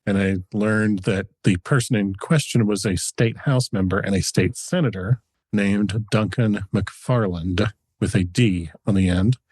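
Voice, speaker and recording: A man's voice: fairly low pitch, a little mellow, slightly rough, no echo. A man co-hosting a podcast, telling a history story in a chatty, researched way with frequent chuckles. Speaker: podcast co-host.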